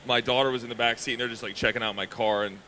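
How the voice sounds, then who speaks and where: A man's voice: medium pitch, fairly even intonation, rapid-fire, bright, forceful tone, slight background noise. A man on a convention panel, chatting in a loose, rambling way and swearing casually. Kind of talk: casual chat.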